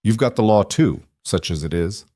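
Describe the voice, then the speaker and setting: A man's voice: lowish voice, animated, normal speed, mellow, no room sound, clean studio sound. A man voicing Wade, a hard, protective frontier rancher father who talks curtly in an audiobook story. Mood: stern. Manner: curt and stern.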